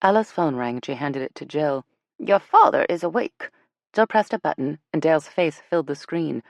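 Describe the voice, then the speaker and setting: A woman narrating a romance audiobook in an expressive reading voice. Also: sits low, a little fast, gravelly, dry recording. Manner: expressive, switches between characters. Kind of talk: scripted narration.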